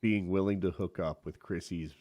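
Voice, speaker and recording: A man on a casual podcast who keeps asking questions in a lively way. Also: sits low, normal speed, dry recording, studio quality. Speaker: podcast co-host.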